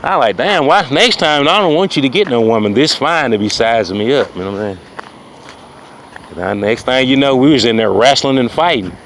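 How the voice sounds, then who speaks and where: A man spinning a loose, boastful comic tale, circling back to his listeners again and again. His voice sits at an ordinary middle pitch. Street and vehicle noise comes through clearly behind him outdoors. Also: lively intonation, fairly quick. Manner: rambling, boastful, repeats "ladies and gentlemen" and "you know what I'm saying". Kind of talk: improvised comic storytelling monologue.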